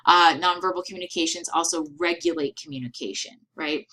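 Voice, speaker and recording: Woman, lecturer, bright tone, lowish pitch, explanatory, filler words. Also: fairly quick, a little hiss or hum, rough recording. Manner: explanatory, frequent fillers and "right?" checks. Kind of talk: recorded lecture.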